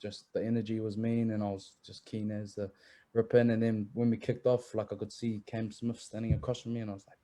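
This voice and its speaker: A man's voice: fairly low pitch, level tone, brisk, dark tone. A young man, a rugby league player telling stories in a casual chat, laid-back and swearing freely.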